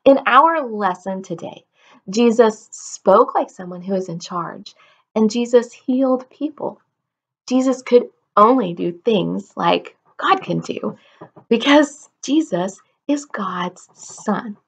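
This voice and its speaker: A woman's voice: a little high, lively intonation, takes it slowly, vocal fry, husky. A woman teaching a simple lesson to toddlers, asking playful questions and making animal sounds. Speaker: children's ministry teacher. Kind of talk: slow, simple storytelling for toddlers.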